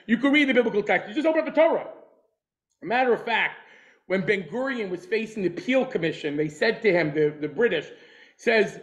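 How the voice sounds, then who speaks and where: High-voiced man giving an emphatic lecture. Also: animated, moderate pace, low-quality recording. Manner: emphatic, repeats short punchy phrases. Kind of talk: lecture on a class.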